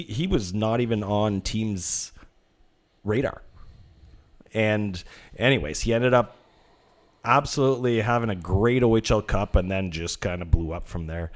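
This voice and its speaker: A man co-hosting a casual hockey podcast, a little nervous and stumbling over names. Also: fairly low pitch. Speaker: podcast co-host, youth hockey coach.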